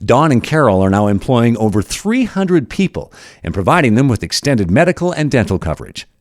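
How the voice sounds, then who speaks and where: Lively-pitched male documentary narrator. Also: brisk, no echo, clean studio sound.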